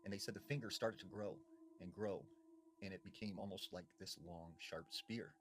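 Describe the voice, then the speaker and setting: Man, storyteller, low voice, hushed and dramatic, slow pauses. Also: fairly even intonation, a little hiss or hum. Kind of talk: spooky storytelling.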